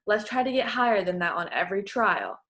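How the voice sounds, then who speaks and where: A woman's voice: mid-range voice, lively intonation, a little fast, a bit bright. Encouraging woman voice clinician. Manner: patient, encouraging, instructive. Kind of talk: clinical voice therapy session.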